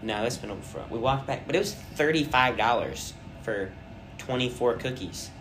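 A young man hosting a casual podcast chat, rambling through stories and trailing off quietly at the ends of thoughts. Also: mid-range voice, expressive, moderate pace, soft background music. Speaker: podcast host.

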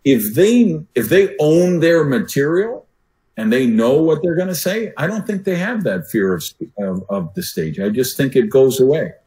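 An older man, a speaking coach and podcast guest, who swings his voice loud and soft to make his points. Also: mid-range voice, very animated, normal speed, low-quality recording.

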